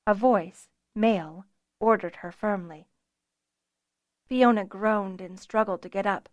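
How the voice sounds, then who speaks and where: A woman narrating a fantasy audiobook in a measured, expressive storytelling manner. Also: medium pitch, no room sound.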